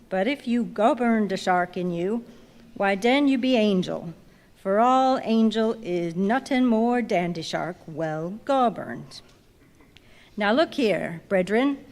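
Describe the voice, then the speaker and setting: A woman voicing a grumbling ninety-year-old male ship's cook who preaches in a slow, drawling dialect. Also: mid-range voice. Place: large museum reading hall. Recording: long reverb in a big hall.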